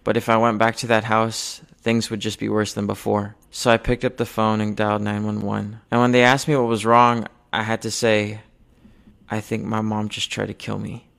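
A young man telling a personal story from his childhood in an earnest, measured way, going quiet on the painful moments. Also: on the low side, little pitch movement, creaky, smooth. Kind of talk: personal spoken-word storytelling.

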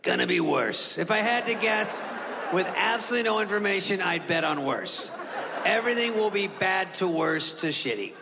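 A man's voice: high voice, lively intonation, normal speed, gravelly, long reverb tail, background noise. A man imitating a blunt, grouchy male doctor who always predicts the worst. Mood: gloomy. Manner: blunt, pessimistic.

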